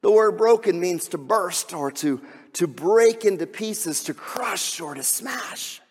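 A man preaching a sermon as pastor, moving between soft, hushed passages and loud, shouted emphasis. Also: high voice, expressive, slow, breathy edge. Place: church sanctuary. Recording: long hall reverb.

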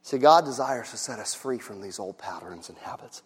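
A man preaching a sermon as pastor. He moves between quiet, soft talk and loud, shouted passages, and acts out the voices in his stories. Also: medium pitch, expressive, normal speed, husky, big-room sound.

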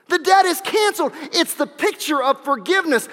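A man preaching with a very high, bright and forceful voice that rings out in the long reverb of a large hall. He drives his sermon with animated, shouted peaks and quick whoops, then drops back to plain talk. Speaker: pastor.

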